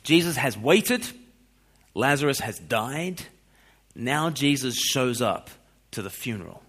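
A man preaching a sermon, expressive, moving between loud questions and quiet scripture reading. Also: medium pitch, slow pace.

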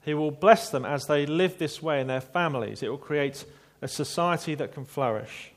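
A man preaching a sermon in a measured, reflective way, with small asides to his listeners. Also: fairly high pitch.

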